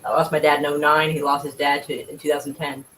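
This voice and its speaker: A man's voice: fairly high pitch, little pitch movement, quick pace, fairly bright tone, poor audio. A man chatting casually and at length, rambling and swearing freely. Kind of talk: casual chat.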